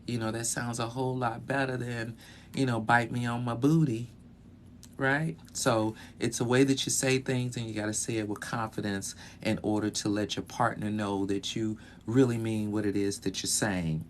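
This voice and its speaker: A man giving casual, conversational advice as a clinical sexologist, talking in a relaxed way with frequent fillers, recorded inside a bedroom closet. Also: on the low side, moderate pace, slight background noise. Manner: relaxed, conversational, many "you know" fillers.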